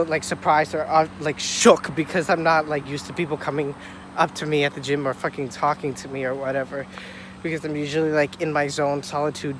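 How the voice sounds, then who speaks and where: A young man with a stuffy nose, out of breath, rambling excitedly and swearing as he vlogs on a phone while walking outside. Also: on the high side. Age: young adult. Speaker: vlogger. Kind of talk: casual walking vlog. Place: outdoors on a city street. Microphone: phone held at arm's length. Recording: faint outdoor traffic noise. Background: faint street and traffic sounds.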